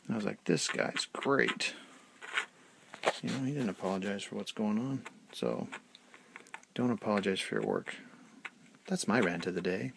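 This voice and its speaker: Gravelly-voiced man rambling at his hobby desk. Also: on the low side, sing-song, brisk, pauses often, noisy background. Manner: chatty, self-deprecating, trails off mid-sentence. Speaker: hobby channel host. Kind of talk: rambling casual hobby vlog.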